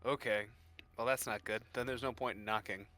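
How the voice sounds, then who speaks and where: A man's voice: on the low side, fairly quick, soft background music, rough recording. A man playing in a tabletop game, chatting casually and joking with the group. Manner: joking, animated. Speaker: player.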